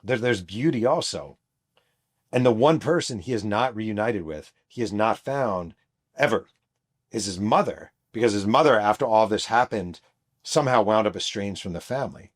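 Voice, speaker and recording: A man's voice: on the low side, lively intonation, moderate pace. A middle-aged man hosting his own show, telling a story in an emphatic monologue that acts out the people he quotes. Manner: emphatic, re-enacts quoted voices. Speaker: host, author and journalist.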